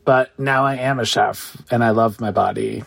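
A chatty man in his thirties talks through a relaxed interview, peppering his stories with "like" and "sort of." His voice sits in an ordinary middle register. He mocks himself and laughs easily as he goes. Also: medium pitch, normal speed, gravelly, husky. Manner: chatty and self-mocking, many "like" and "sort of" fillers, laughs often. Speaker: guest, food creator and cookbook author. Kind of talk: casual podcast interview.

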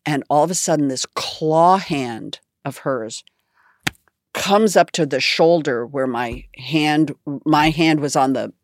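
A woman's voice: deep voice, slow pace, slight background noise. A woman guest in a radio interview, telling an anecdote with animation and acting out quotes. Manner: animated storyteller, acts out quotes.

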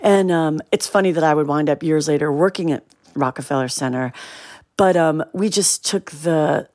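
A middle-aged woman from the Cleveland area, telling an animated story as an interview guest and acting out the voices of the people in it. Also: deep voice, moderate pace. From Cleveland, Ohio area.

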